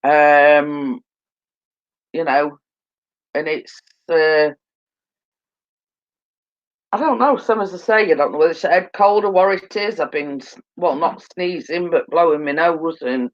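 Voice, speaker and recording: Woman, tired, fighting off a cold, rambling, very slow, dull lo-fi sound. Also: sits low. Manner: rambling, filler-heavy, repeats "as I say". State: tired and yawning, coming down with a cold. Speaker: livestream host. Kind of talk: casual chat. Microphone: phone.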